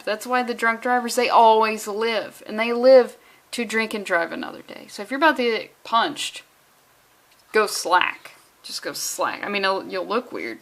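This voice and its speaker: A woman reading a comic book aloud in a casual way, breaking off for sarcastic, deadpan jokes and stumbling over words. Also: a little high.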